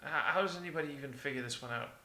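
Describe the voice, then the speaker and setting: A man trades teasing, dry banter as a guest on a casual beer review. His voice is bright and forward. It sounds roomy and echoey. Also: medium pitch, racing. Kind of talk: casual chat. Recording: roomy echo.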